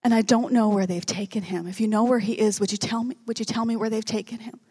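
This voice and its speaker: A woman preacher voicing a grieving woman disciple who pleads in a hushed voice at an empty tomb. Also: a little high, steady tone, fast, husky. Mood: pleading.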